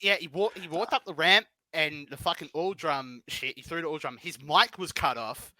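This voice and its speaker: A man co-hosting a podcast, telling stories in animated, profane casual chat. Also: a little high, moderate pace, no echo. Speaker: podcast co-host.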